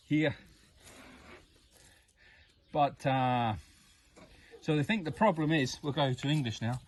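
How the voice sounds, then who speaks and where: A man's voice: mid-range voice, breathy edge, far from the mic. A man putting on a bumbling field reporter for a livestream joke, playing with a muddled mix of Irish, Australian and Scottish accents. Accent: mixed Irish, Australian and Scottish put-on. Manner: cheery, playful, bumbling. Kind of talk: comic mock news report on a livestream.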